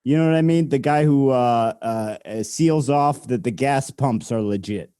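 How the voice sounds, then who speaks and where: A man's voice: mid-range voice, normal speed, mellow, smooth, no room sound, clean studio sound. A man co-hosting a casual podcast chat, explaining things at length with many filler words. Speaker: podcast co-host.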